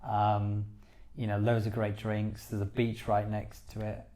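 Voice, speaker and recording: A man's voice: lowish voice, completely flat delivery, measured pace, mellow. A man co-hosting a podcast, chatting casually and enthusiastically with lots of "you know"s. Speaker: podcast co-host. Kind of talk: casual chat.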